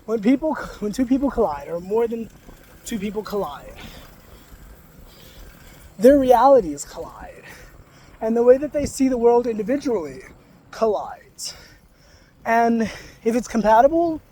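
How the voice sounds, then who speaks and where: A man's voice: very high-pitched, big pitch swings, a little slow, pauses often, mellow. A man vlogging casually about spiritual ideas, in a loose, rambling way full of fillers, now and then swearing bluntly. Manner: frank, sometimes swearing.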